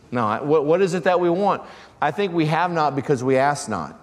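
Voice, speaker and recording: A man's voice: on the high side, expressive, fairly quick. A man preaching a sermon as pastor, calling out questions to his congregation. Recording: long church reverb.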